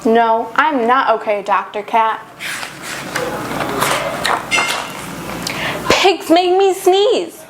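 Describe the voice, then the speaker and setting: A woman's voice: fairly high pitch, big pitch swings, slow pace. A young woman voicing an anxious, dramatic male elephant from a picture book. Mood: worried. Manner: worried and dramatic. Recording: noticeable background noise.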